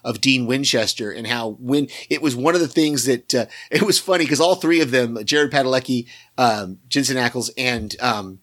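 A man's voice: mid-range voice, normal speed, hardly any pauses, fairly bright tone. Rambling man recapping a TV episode. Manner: rambling, many restarts and fillers. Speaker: podcast co-host. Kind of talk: casual TV recap chat.

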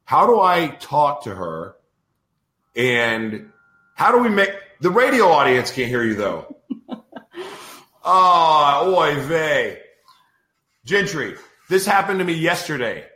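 A man's voice: fairly high pitch, sing-song, slow pace, long pauses, sharp tone, reverberant. A man hosting a podcast in a casual live-stream chat, exasperated and ranting over technical trouble. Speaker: podcast host.

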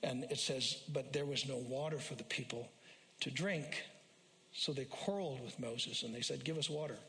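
A man preaching a sermon as a pastor, repeating phrases for emphasis and rising loud and high when he quotes scripture. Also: moderate pace. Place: church sanctuary. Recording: long hall reverb.

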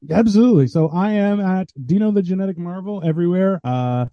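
A man who is a guest comedian on a podcast, chatting casually and telling animated stories, acting out what people said. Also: high-pitched, brisk, no room sound, highs cut off. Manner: animated storyteller, acts out quoted voices. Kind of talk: casual chat.

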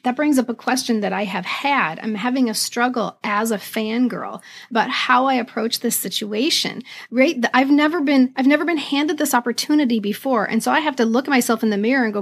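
Breathy, high-voiced woman podcast co-host. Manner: earnest, thinking aloud in quick questions. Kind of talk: casual chat.

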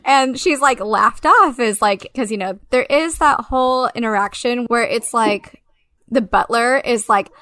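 A woman's voice: a little high, a little slow, fairly bright tone, dry recording. A woman co-hosting a podcast, chatting casually and animatedly, swearing and laughing often. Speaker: podcast co-host. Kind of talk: casual chat.

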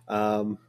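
A man co-hosting a podcast, chatting in a relaxed way and laughing often. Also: on the low side, clean tone. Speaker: podcast co-host. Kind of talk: casual chat.

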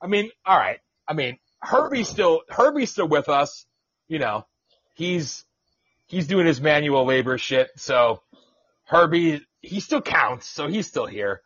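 Husky, profane talk radio host. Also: male voice, on the high side, big pitch swings, measured pace, fairly bright tone, no room sound. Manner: profane, sarcastic, teasing. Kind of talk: casual podcast rant. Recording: dull lo-fi sound.

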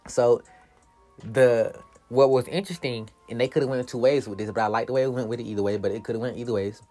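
A man recapping an action movie in a casual, profane monologue. He laughs often, acts out the characters' lines, and jumps up high when he gets excited. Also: fast, soft background music.

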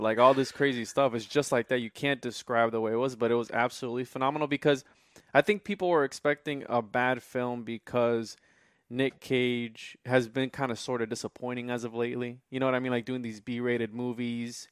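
A man's voice: medium pitch, steady tone, brisk, smooth, no room sound. Hyped guy on a podcast, keeps saying bro, rambles, dry mic sound. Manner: enthusiastic, rambling, says bro a lot. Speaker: podcast guest. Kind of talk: casual podcast chat.

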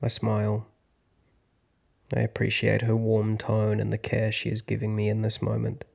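A man in his thirties, an actor hosting a podcast, telling a personal story in a slow, reflective, hushed way. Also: fairly low pitch, monotone, creaky. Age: 30s. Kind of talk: first-person storytelling narration.

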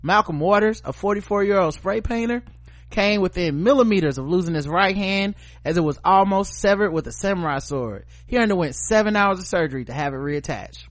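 A man's voice: high-pitched, animated, fairly quick, no echo. A man hosting a podcast, reading news stories aloud and joking around with crude, casual talk. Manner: joking, profane, laughs often. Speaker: podcast host.

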